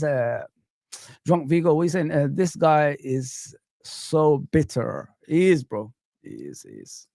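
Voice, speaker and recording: A man hosting a live football stream, ranting in an animated way, reading out viewer comments and calling them bro and man. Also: a little high, creaky, no room sound, clean studio sound. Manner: self-described showman. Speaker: football channel host.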